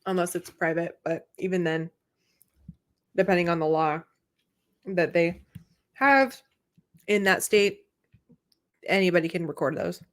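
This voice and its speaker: A woman's voice: lowish voice, measured pace, pauses often. A young woman hosts a reaction video. She comments bluntly and with disbelief, in a casual way.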